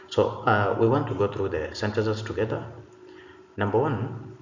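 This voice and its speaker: A man teaching an English pronunciation lesson, speaking slowly and deliberately and saying each example word twice. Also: low voice. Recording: roomy, dull sound with faint noise.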